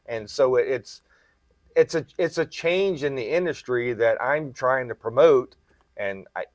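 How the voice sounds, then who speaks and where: A man's voice: medium pitch, measured pace, dry recording, clean studio sound. Talkative male comic shop host. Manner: explains at length, often checks in with "right?". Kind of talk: casual podcast chat.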